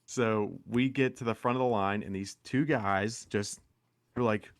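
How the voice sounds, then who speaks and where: Young guy rambling thru a story on his podcast, lowish voice, dead dry mic. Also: a little slow, dry recording. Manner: rambling, animated anecdote with acted quotes. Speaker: podcast co-host. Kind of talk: casual chat, storytelling.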